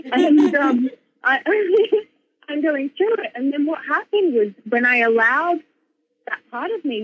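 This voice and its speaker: A woman in casual conversation, animated and full of fillers, breaking into laughter often. Her voice sits a little high and has a husky, breathy edge. The sound is dull and lo-fi, like a video call. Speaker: author and speaker.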